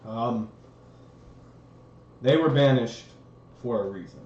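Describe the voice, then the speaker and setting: A man speaking as a player in a tabletop game, halting and hesitant, with many ums. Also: medium pitch, a little mellow. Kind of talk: casual tabletop play. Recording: roomy, dull livestream audio.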